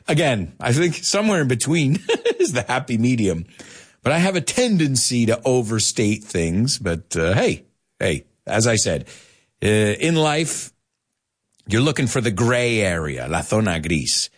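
An American man teaching English to Spanish speakers, animated, laughing at his own jokes and switching into Spanish to explain. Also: medium pitch, normal speed, breathy edge. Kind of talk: language lesson for Spanish speakers.

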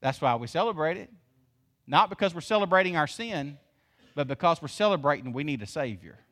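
Animated preacher man. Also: fairly high pitch, brisk. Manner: lively, emphatic preaching with rhetorical questions; folksy, calls the congregation y'all. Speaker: pastor. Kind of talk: sermon.

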